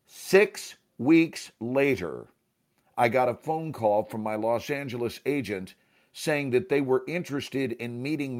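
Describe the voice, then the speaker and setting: A man's voice: mid-range voice, darkish tone. A man, an actor and teacher, telling a motivational story as a guest. He speaks emphatically and acts out the dialogue.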